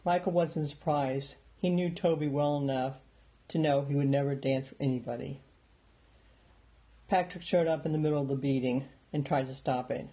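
A man narrating a story in a steady, plain reading voice. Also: fairly high pitch, normal speed. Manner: plain steady reading, small lifts for dialogue. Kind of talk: audiobook narration.

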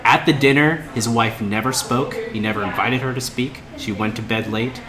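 A man's voice: medium pitch, normal speed. A young man running a tabletop game as game master, narrating casually with fillers and restarts. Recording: roomy room with crowd chatter.

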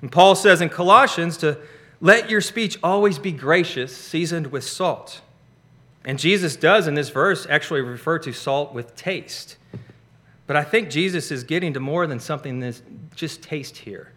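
A man's voice: a little high, normal speed, sharp tone. A man preaching a sermon as pastor, stressing key words with rising emphasis.

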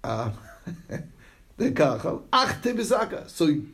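Slow and fairly bright, his slightly high voice rises and falls dramatically. He's giving an informal Talmud lesson, reading texts aloud and explaining them with chatty side comments while regularly making sure his listeners follow. He narrates like a storyteller, dropping "okay?" again and again.

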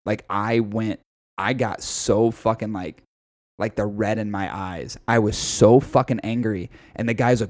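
A man co-hosting a podcast, telling a story in casual, profane, animated chat. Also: lowish voice, normal speed, no room sound, clean studio sound. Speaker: podcast co-host.

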